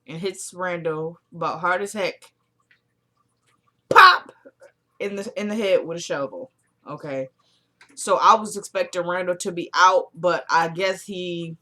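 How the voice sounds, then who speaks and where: Animated woman recapping a TV episode. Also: fairly low pitch. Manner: animated storyteller who acts out quoted lines; frank and exclamatory. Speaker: TV episode reviewer. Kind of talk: casual recap vlog.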